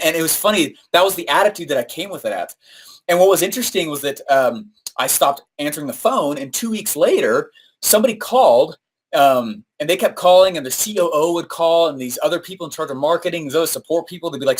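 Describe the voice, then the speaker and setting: A man with a somewhat high voice teaching a live-streamed marketing lesson. He tells stories in an animated way and acts out what others said to him. He peppers his talk with fillers and "right?" tags. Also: quick pace, slightly rough. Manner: frequent fillers and "right?" tag questions. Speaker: marketing coach.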